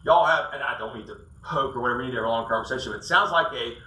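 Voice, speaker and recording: Here the man has a mid-range voice, talks very fast, and sounds pushed and bright, with slight background noise. As a South Carolina sales coach, he delivers a casual, folksy talk to an audience, telling stories and acting out quotes. The distant mic in a roomy hall gives an echoey, faraway recording.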